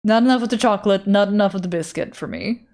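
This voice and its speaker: A woman's voice: mid-range voice, fast talker, darkish tone. A woman art streamer chatting casually with her chat, loose and profane as she answers messages.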